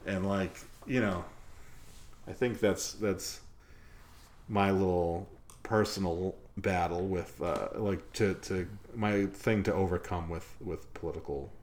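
A man with a low, deep voice hosts a laid-back podcast conversation. He rambles along, full of fillers and false starts. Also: slow pace, a little mellow, slight background noise. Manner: rambling, many fillers and restarts. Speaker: podcast host. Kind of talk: casual chat.

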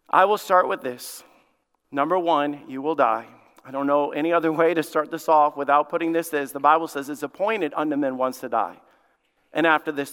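A male lead pastor preaching a sermon, emphatic, with dramatic pauses and repetition. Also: sits high, bright, forceful tone, clear, resonant tone, long reverb tail. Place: church sanctuary.

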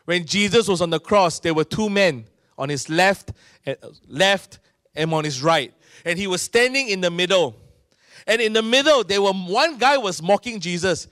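A middle-aged man with a Singaporean English accent, preaching a sermon in an animated storytelling manner. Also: high voice, moderate pace, no room sound, studio quality. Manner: animated storytelling, acting out voices of people in his stories. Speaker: pastor.

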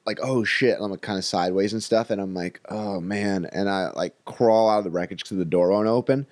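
A man's voice: lowish voice, fairly quick, darkish tone, dry recording. A young man, a stand-up comedian, telling a long story in casual chat, with lots of "like" and "you know" fillers. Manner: rambling, filler-heavy, with many "like" and "you know".

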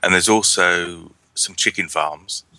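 Wry deep-voiced man chatting. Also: slow pace, bright, forceful tone, no room sound. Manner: chatty, wry, rambling with restarts. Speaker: podcast co-host. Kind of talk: casual chat.

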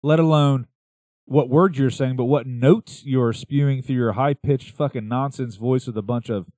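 A man's voice: mid-range voice, moderate pace, warm tone, no echo. A man rants on a casual podcast, blunt and profane, swearing through his complaints. His voice sits in an ordinary middle register, and it is recorded close and dry, with little room sound. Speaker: podcast co-host. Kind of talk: casual chat.

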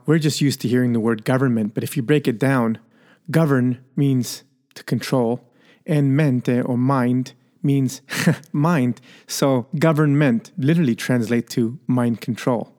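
A man's voice: medium pitch, darkish tone. A man hosting a solo podcast, musing playfully on word origins and laughing at his own coinages. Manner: playful, musing, coins words and laughs at himself. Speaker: podcast host.

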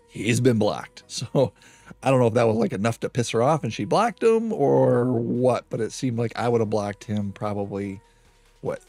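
A man's voice: mid-range voice, a little mellow, dry recording. A man hosting a true crime podcast, reading out a stalker's messages in a casual, wry way with dry asides. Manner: wry, reads threats aloud with dry asides.

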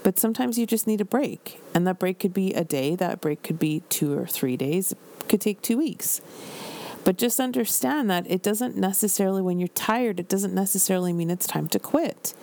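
A woman's voice: mid-range voice, expressive, moderate pace, dark tone, slight background noise. A woman in her forties hosting a casual solo podcast, candid and chatty with lots of "like" fillers. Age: 40s. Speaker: podcast host and business coach.

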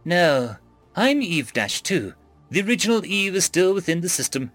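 A man voicing a cold, taunting female android that speaks in a stilted, synthetic way, slow and mocking. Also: high voice, very animated, a bit bright, no echo, soft background music, pitched above the performer's own voice.

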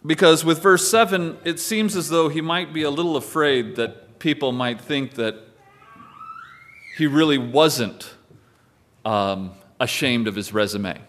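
A man's voice: on the high side, unhurried, a bit bright. A male pastor preaching a sermon in a conversational way, with wry asides to the congregation.

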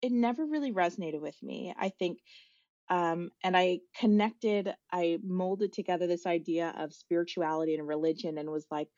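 A woman in her forties, a guest on the show, tells a personal story thoughtfully and searchingly, pausing often and using fillers. Her voice is fairly low and a little mellow, and the recording is dry and dull.

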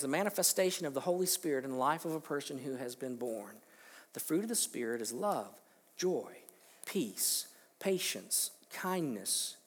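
A man preaching a sermon as pastor, emphatic, swinging between quiet and loud, asking rhetorical questions. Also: mid-range voice, big-room sound. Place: church sanctuary.

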